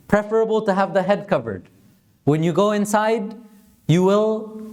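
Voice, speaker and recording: A man gives a religious lesson in a mosque, telling a story in an earnest, steady voice. He works Arabic words and phrases into his talk as he explains. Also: high-pitched. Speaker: religious teacher.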